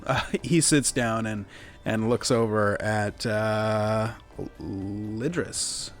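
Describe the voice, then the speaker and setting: Slow laid-back male game master. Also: on the low side, fairly even intonation, faint music behind. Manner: laid-back, filler-heavy narration. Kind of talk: narrating a tabletop game.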